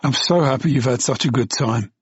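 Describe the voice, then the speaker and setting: Casting: man playing a smug, lecherous restaurateur with a Mockney drawl, husky and close, lo-fi. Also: mid-range voice, fairly quick, no room sound. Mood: smooth. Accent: London Mockney.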